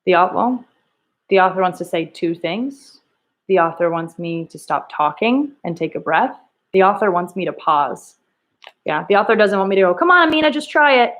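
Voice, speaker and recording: A woman's voice: lowish voice, normal speed. A woman teacher leading a reading lesson, thinking aloud and coaxing students with questions. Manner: thinks aloud, rereads lines in different tones.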